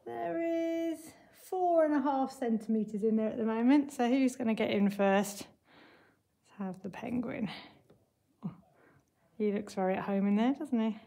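A woman teacher with a fairly high voice walks young children through word problems and then reads them a picture book. She speaks clearly and patiently, the way you talk to a class of young kids. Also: unhurried, pauses often, mellow. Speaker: primary school teacher. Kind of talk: remote maths lesson and picture-book read-aloud.

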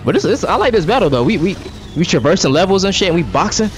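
A high-pitched, very animated man rattles off rapid commentary as he plays a video game live. The gaming streamer is profane and exasperated, with faint music audible behind him.

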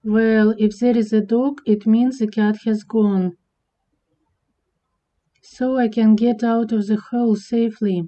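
A woman voicing a small clever male mouse in a cartoon, speaking in a slow, matter-of-fact way. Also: fairly high pitch, fairly even intonation, warm tone, natural voice. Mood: relieved. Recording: dull lo-fi recording.

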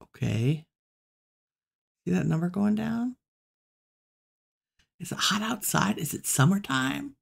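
A woman hosting a relaxed let's-play, musing aloud and chatting to the animals she meets in the game. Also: lowish voice, takes it slowly, vocal fry, long pauses, slightly rough. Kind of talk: relaxed gameplay commentary.

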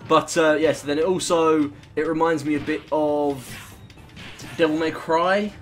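A man's voice: medium pitch, fairly bright tone. A young British man giving rambling, jokey, sweary commentary while playing a video game. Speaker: gaming YouTuber. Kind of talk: gameplay commentary.

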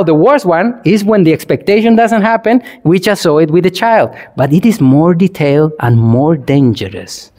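Animated monk giving a dharma talk. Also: male voice, high voice. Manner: animated, asks the audience questions, acts out examples. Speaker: Buddhist monk teacher.

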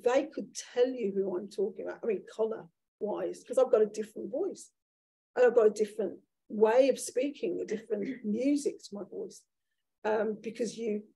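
A woman in her sixties with a Brummie accent and a gravelly, husky voice, speaking as a guest author onstage. Her tone is mellow and dark, and she tells candid, lively stories with frequent restarts. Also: mid-range voice. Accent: Birmingham. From Birmingham, England. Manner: animated, candid storytelling with restarts. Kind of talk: conversational onstage talk. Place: event room with an audience.

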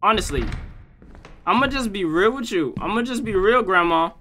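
A young man plays a horror game for his channel, trash-talking the game's granny. His voice swings widely up and down, and it has a bright, forward tone. A faint noise sits behind him. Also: expressive, moderate pace. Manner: bursts from low mutters to loud yelps. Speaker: gaming channel host. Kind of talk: horror game let's play commentary.

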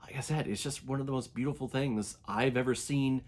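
A man giving a casual, animated movie review to his viewers, with enthusiastic asides. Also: medium pitch, fairly quick, poor audio.

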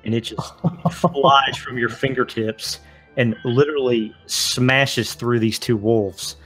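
A man narrating a tabletop game as game master, with dramatic descriptions and filler pauses. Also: medium pitch, steady tone, fairly bright tone, soft background music.

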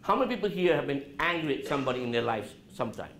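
A man speaks to a college class with a lively, swinging voice, asking the students questions and dropping low and soft to show calm. The sound is roomy, with faint noise in the background. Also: rapid-fire. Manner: animated, asks the audience questions, drops his voice low to show calm. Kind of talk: interactive talk to students.

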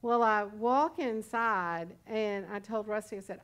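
A woman's voice: medium pitch, unhurried, fairly bright tone, smooth. A woman pastor in her sixties preaching a sermon in a conversational, storytelling way with humorous asides. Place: church service.

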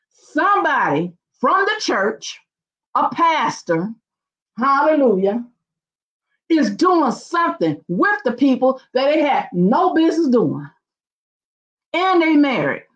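Female preacher, high and swooping, unhurried sermon delivery, muffled lo-fi sound. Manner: exclamations of hallelujah, rising and falling emphasis.

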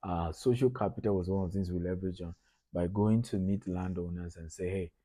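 A middle-aged man from Nigeria talks entrepreneurs through a business lesson in a low, mellow, husky voice. He keeps it conversational and repeats his points for emphasis. The sound is close and dry. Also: steady tone, fairly quick, dry recording. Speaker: business lecturer. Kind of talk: lecture to entrepreneurs.

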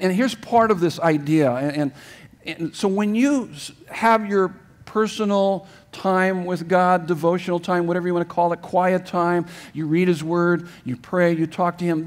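Emphatic pastor preaching a sermon. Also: male voice, a little high, normal speed. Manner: emphatic, swings from loud urging to soft hushed tones; repeats words and restarts phrases. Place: church sanctuary.

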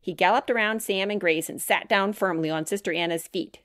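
A woman reading her own children's chapter book aloud, narrating in a clear, measured way. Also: medium pitch, fairly bright tone, dry recording, studio quality.

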